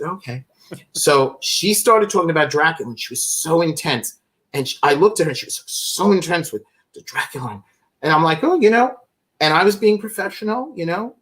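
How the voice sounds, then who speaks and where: A man's voice: fairly high pitch, a bit bright. A man telling a long, rambling anecdote as a live-stream guest, interrupting himself and laughing as he goes. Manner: rambling, self-interrupting, laughing through his story. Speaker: guest, fan club founder. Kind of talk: animated storytelling on a live stream.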